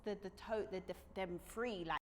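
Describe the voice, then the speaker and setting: A woman's voice: medium pitch, animated, fairly quick, a little hiss or hum. A woman hosting a casual interview, chatty and playful, asking curious questions. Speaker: talk show host.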